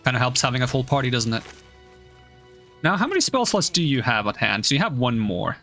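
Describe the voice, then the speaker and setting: A man's voice: mid-range voice, big pitch swings, a little fast, sharp tone, soft background music. A male streamer giving casual gameplay commentary, thinking aloud and puzzling over the game's rules.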